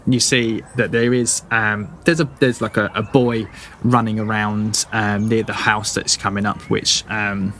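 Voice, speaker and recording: A man's voice: lowish voice, flat delivery, unhurried, a bit bright, a little hiss or hum. A man narrating a tabletop game as dungeon master, hesitant and full of fillers.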